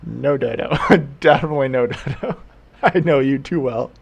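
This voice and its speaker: Male streamer, gravelly and a little husky, loose casual chat with his chat, quick to laugh. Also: medium pitch, dull audio. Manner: laughs often, answers chat. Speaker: live-stream host.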